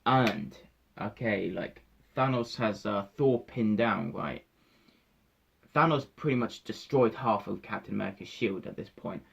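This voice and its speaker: A young man recounting a film in excited casual talk, swearing freely and acting out his own reactions. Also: fairly low pitch, measured pace, creaky, husky, highs cut off. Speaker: vlogger reviewing a film.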